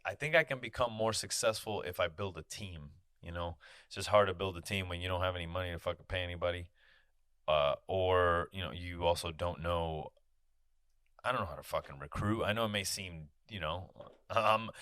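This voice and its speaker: A man's voice: sits low, pushed and bright, dry recording, studio quality. A man hosting his own podcast, talking in a candid casual monologue, swearing freely and peppering his talk with "you know". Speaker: podcast host. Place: podcast studio.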